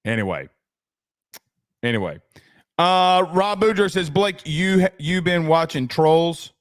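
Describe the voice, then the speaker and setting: A man's voice: fairly high pitch, expressive, slow pace. A man hosting a sports podcast, chatting loosely and reading viewer comments, with frequent restarts and casual swearing.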